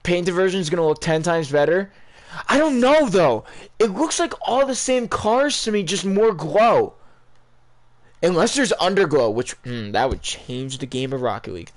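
A young man giving casual, rambling live reactions to video game items, excitable and full of ums. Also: high voice, moderate pace. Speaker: gaming YouTuber.

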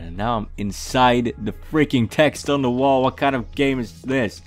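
A man's voice: mid-range voice, normal speed, hardly any pauses, soft background music. A young man giving comedic, mock-arrogant gameplay commentary, brash and swearing often. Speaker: gaming youtuber.

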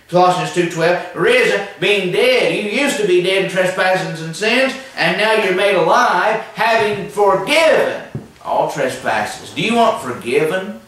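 A man's voice: a little high, fairly bright tone, very echoey, distant mic, rough recording. A man preaching a sermon, emphatic and repetitive, asking the listeners questions. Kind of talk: televised sermon.

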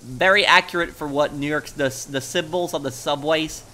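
A man's voice: a little high, moderate pace, pushed and bright. A man giving casual let's play commentary in a chatty way, full of ums and you-knows. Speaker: gameplay commentator.

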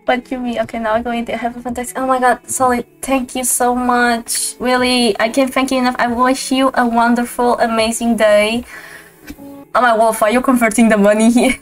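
Woman streamer, fairly high voice, excitable and gushing, soft lo-fi music behind. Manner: gushing, excitable, quick to laugh. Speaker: streamer host. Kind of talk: casual livestream chat. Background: faint lo-fi background music.

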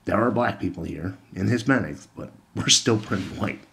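A young man talks straight to the camera in a casual rant. His voice sits a little low. He is blunt and sarcastic and swears freely. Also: normal speed, creaky, fairly bright tone, a little hiss or hum. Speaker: political commentator.

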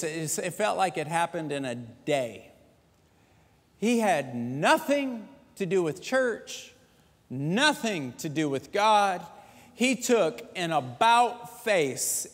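A man preaching a sermon as pastor, telling stories lively and joking with the congregation. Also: on the high side. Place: large church sanctuary. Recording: echoey church hall.

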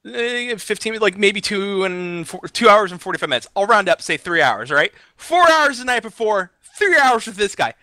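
A man on a gaming podcast, telling his story in an animated, exasperated rant with laughs scattered through. His voice sits a bit high and swings widely in pitch, with a bright, sharp edge. The sound is close and dry, with no room around it. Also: no echo. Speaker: podcast co-host.

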